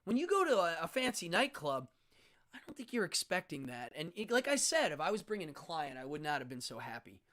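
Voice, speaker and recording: Blunt, middle-aged man, stage magician, hosting a talk show, casual storytelling, lively swinging pitch. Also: a little fast. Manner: blunt, animated, frank.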